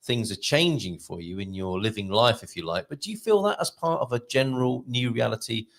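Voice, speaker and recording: A man's voice: mid-range voice, lively intonation, fairly quick, creaky. A middle-aged man co-hosting a casual live-stream show, talking with frequent hesitations and restarts. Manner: hesitant, many fillers and restarts.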